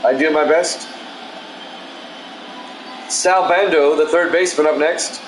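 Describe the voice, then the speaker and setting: A man with a slightly high voice calls the game pitch by pitch in an even, soothing manner, with no regional accent to place him. His voice bounces around an echoey room, and steady background noise runs under every call. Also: slow pace. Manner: calm, self-described soothing delivery with asides. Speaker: play-by-play announcer. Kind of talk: solo play-by-play of a simulated baseball game, chatting with stream viewers.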